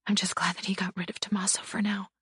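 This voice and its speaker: A woman voicing a timid, bruised young wife who speaks quietly and shakily in a raised voice. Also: flat delivery, fast, breathy edge, dry recording, studio quality. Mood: candid. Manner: quiet, shaky, higher voice.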